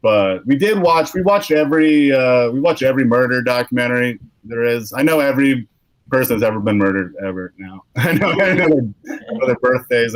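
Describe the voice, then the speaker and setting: A man's voice: mid-range voice, no room sound, low-quality recording. A young adult man doing a rambling, self-deprecating stand-up set, telling awkward personal stories. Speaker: stand-up comedian.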